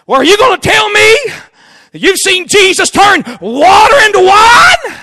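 A man voicing a scoffing skeptic in a sermon story, loud and mocking. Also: very high-pitched, big pitch swings, unhurried, dry recording, clean studio sound, pitched above the performer's own voice, exaggerated voice. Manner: mocking, shouting.

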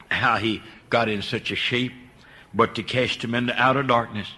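An older man preaching a sermon. He swings from a low hush to high, impassioned cries, repeating words and stumbling over restarts. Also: steady tone, normal speed.

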